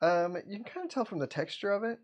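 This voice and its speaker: A man's voice: sits high, fast talker. A man hosting a casual livestream, chatting easily with viewers and greeting them by name. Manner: relaxed, greets chat by name, chuckles often. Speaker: livestream host, comic artist.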